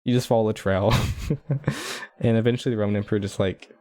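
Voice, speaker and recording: A man's voice: lowish voice, steady tone, very fast, dark tone. A man giving casual, rambling commentary over his own game playthrough, full of filler words and chuckles. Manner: rambling, heavy use of "like" fillers, chuckling asides. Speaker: gameplay commentator.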